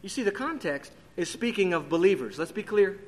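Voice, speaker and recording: A man's voice: high voice, expressive, fairly quick. A man preaching an expository sermon, his voice rising emphatically on key questions. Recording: long hall reverb.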